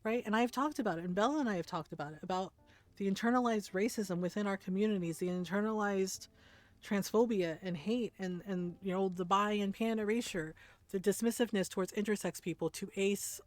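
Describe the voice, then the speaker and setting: A woman streamer chatting casually while gaming, emphatic and quick to laugh and swear. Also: mid-range voice, darkish tone, no echo.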